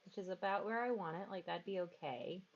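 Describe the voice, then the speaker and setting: A woman's voice: mid-range voice, brisk. A woman streaming a video game in casual chat, rambling about decorating and cooing to her dogs. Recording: dull lo-fi stream audio with game music.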